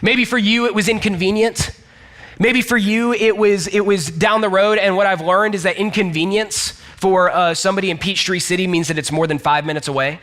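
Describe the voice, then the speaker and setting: A man's voice: high-pitched, steady tone, brisk, fairly bright tone. A young man from Georgia in the US, a pastor giving a chatty, conversational sermon and speaking straight to his listeners. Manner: chatty, self-deprecating, addresses listeners directly.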